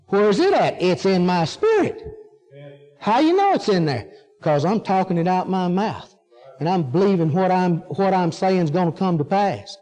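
A man's voice: high-pitched, darkish tone. A man preaching a sermon, emphatic and drawling key words as he asks and answers his own questions. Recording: long hall reverb.

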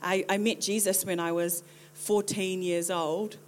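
A woman in her thirties with a New Zealand accent, preaching a lively, joking sermon as a pastor. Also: on the low side, a little slow, a little hiss or hum. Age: 30s. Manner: lively and joking, with playful impressions.

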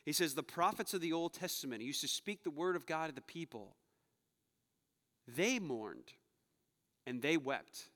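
A male pastor with a bright, forceful, slightly high voice delivers a conversational sermon. He drifts from joking asides to hushed, earnest stretches, and his words ring out with the long reverb of a church hall. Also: animated, moderate pace, pauses often. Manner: conversational preaching, shifts between playful asides and hushed earnest passages. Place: church sanctuary.

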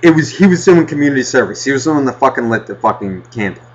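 A man casually telling a rambling childhood story on a podcast, swearing constantly and getting animated. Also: medium pitch, fast talker. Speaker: podcast host. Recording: dull lo-fi podcast audio.

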